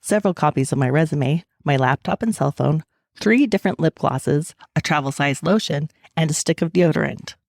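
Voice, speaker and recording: A woman's voice: deep voice, expressive, normal speed, gravelly, a little mellow, no room sound. Chatty woman author, dry close sound. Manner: chatty and candid, laughs easily. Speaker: author and guest. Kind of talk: casual chat, then reading her novel aloud.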